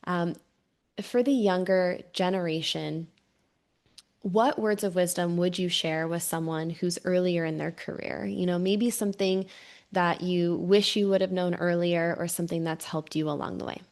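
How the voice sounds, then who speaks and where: A woman's voice: fairly low pitch, steady tone, moderate pace, a little mellow. A woman hosting a podcast, asking questions in a polite, conversational way. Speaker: podcast host. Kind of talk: interview.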